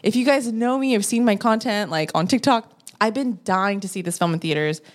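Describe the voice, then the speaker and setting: A woman chatting on a podcast and telling a long personal story in an animated, lively way. She acts out what she said back then with a rising voice, and her pitch sits in the middle for a woman. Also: brisk. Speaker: podcast guest, producer. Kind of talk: casual storytelling.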